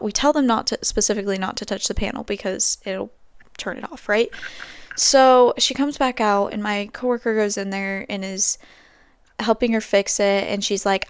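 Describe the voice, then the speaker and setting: A woman's voice: mid-range voice, clean tone, no room sound, clean studio sound. A young woman hosting a podcast, telling stories in a rambling, casual way with lots of fillers. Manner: chatty, rambling storytelling with many fillers. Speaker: podcast host. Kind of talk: casual chat.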